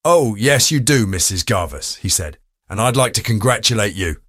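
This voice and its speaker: A man's voice: lowish voice, lively intonation, normal speed, fairly bright tone, dry recording, clean studio sound. A man doing a wry, confident detective. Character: cool, wry male private detective. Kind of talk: audiobook reading.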